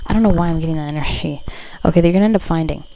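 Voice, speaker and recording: A woman with a deep, gravelly, warm voice talks rapid-fire while doing a casual tarot reading for her viewers. She's chatty and loose, full of fillers and the occasional swear word. The audio quality is poor.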